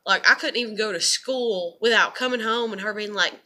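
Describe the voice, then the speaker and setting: A woman's voice: high-pitched, moderate pace, few pauses, pushed and bright. A woman and mother speaking in a casual monologue, rambling, candid and often profane. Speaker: vlogger and mother.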